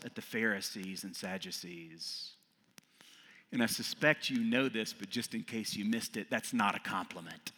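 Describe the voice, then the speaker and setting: A middle-aged man, an Episcopal priest, preaching a sermon with loud emphatic peaks that fall back to quiet reflection. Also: lowish voice, moderate pace. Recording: long reverb of a large hall.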